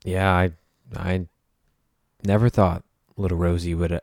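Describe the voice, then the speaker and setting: Deep gravelly radio host. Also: male voice, level tone, unhurried, darkish tone, no echo. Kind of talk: casual radio banter. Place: radio studio.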